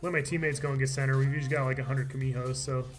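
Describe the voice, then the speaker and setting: A man's voice: medium pitch, fairly even intonation, very fast, soft background music. A man streaming a game live, chatting casually and laughing often, his voice tired from talking all day. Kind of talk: live gameplay commentary.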